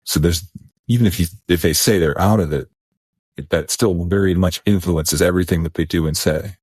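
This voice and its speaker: A man's voice: low-pitched, fairly quick, darkish tone, slightly rough, no echo, studio quality. A man co-hosting a podcast in casual chat, rambling and restarting his sentences. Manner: rambling, repeats words, restarts. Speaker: podcast co-host.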